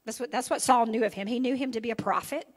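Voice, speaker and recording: A woman's voice: on the high side, quick pace. Woman preaching, chatty check-ins. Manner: conversational preaching with frequent "okay?" and "right?" check-ins. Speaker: pastor. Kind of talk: sermon. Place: church sanctuary.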